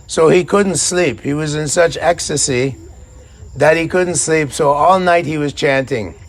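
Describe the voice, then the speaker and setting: A man preaching and telling devotional stories in an animated way. His speaking voice sits somewhat high for a man. He often repeats words and phrases as he goes. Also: a little slow. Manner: animated storyteller who often repeats himself. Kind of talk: devotional storytelling lecture.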